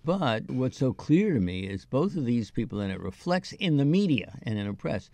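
A man's voice: mid-range voice, very animated, normal speed, dark tone, dry recording. A man on a discussion panel who speaks earnestly and cuts in to make his points.

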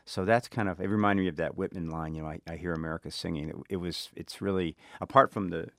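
Middle-aged chicago guy, south side accent, really low voice, thinks out loud with lots of restarts, dry sound. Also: fairly even intonation, no echo. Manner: thoughtful, halting, many restarts. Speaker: author guest. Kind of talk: reflective interview talk.

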